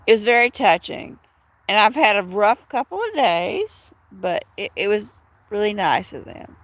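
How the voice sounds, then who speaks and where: A woman's voice: mid-range voice, sing-song, measured pace, dry recording. A middle-aged woman chatting casually with viewers on a livestream from home, rambling through stories with many restarts. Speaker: livestream host.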